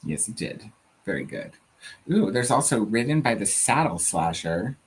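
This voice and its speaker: A Southern US co-host with a breathy-edged, mid-range voice and big pitch swings talks at normal speed on a live reading stream. The chat is casual and playful, drawled and full of giggles, with viewer comments read aloud and frequent laughter.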